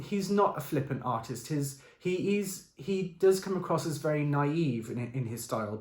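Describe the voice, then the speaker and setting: A man who describes a painting as if it were a recipe, playful and excitable, with many fillers and restarts. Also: a little high, roomy sound. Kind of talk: improvised audio description.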